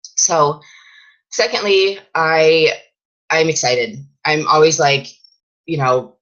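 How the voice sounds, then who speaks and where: Low-voiced woman coaching her team. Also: moderate pace, fairly bright tone, lo-fi sound. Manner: chatty, with many fillers and restarts. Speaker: fitness coach. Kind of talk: casual training talk for a sales team.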